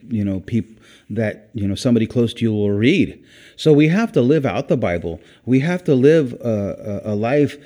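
A man's voice: mid-range voice, mellow. A man giving an informal, earnest sermon, rambling and repeating himself, dropping in "praise God.". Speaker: preacher.

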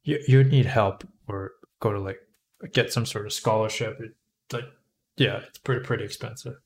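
A man's voice: on the low side, moderate pace, vocal fry. A man co-hosting a casual podcast chat, mostly agreeing with short remarks. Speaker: podcast co-host.

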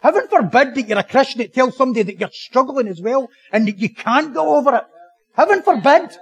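A man preaching a sermon as pastor, animated and joking, repeating phrases for emphasis. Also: extremely high pitch, fast talker, creaky, husky, low-quality recording.

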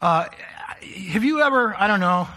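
A man's voice: high voice, expressive, normal speed, bright, forceful tone. A man preaching a sermon to a live congregation in a church, speaking conversationally and addressing the listeners directly. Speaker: pastor.

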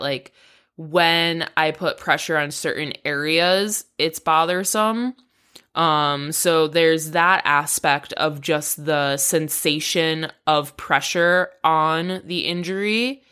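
A woman with a slightly low voice gives a casual personal update on her podcast. She talks frankly, with plenty of swearing and rambling asides, and her frustration runs through it. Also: sharp tone, smooth. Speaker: podcast host.

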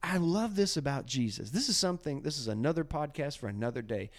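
A man hosting a casual faith podcast, talking in an animated, preachy way and often acting out quotes. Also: on the high side, quick pace. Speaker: podcast host.

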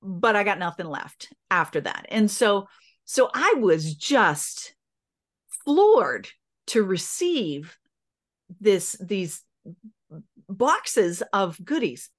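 A woman's voice: mid-range voice, very animated, very slow, pauses often. Earnest woman telling a personal story. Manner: emotional, earnest, with restarts. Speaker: podcast guest.

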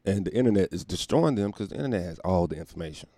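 A man hosts his own podcast from home, ranting in a profane, animated way and laughing often. His low voice is gravelly and leaps widely in pitch. The sound is dry and close. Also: quick pace, no echo. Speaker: podcast host. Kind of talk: casual profane rant.

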